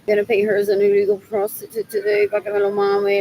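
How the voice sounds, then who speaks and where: A woman's voice: on the high side, lively intonation, brisk, creaky, hardly any pauses, a little mellow, slight background noise, poor audio. A woman chatting on a livestream, rambling and repeating herself as she thinks aloud.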